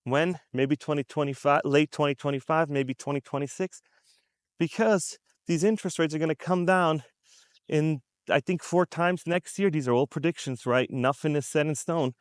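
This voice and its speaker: A man with a slightly raised pitch rants to his viewers in a loose, conversational way. He hammers each point twice and slips into little acted-out reactions. The sound is dry and close, with no room echo. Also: normal speed. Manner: conversational and emphatic, repeats points and acts out quoted reactions. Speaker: commentary vlogger. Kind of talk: unscripted commentary to camera.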